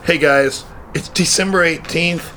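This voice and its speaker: Slow-talking laid-back man co-hosting a podcast. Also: a little high, bright, forceful tone, slight background noise. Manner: laid-back, laughing, slangy. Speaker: podcast co-host. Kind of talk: casual chat.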